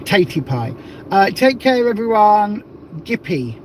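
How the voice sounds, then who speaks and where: A man's voice: high voice, expressive, moderate pace, background noise. A man from the south of England hosting a casual livestream, chatty and rambling with plenty of jokes. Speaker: livestream host.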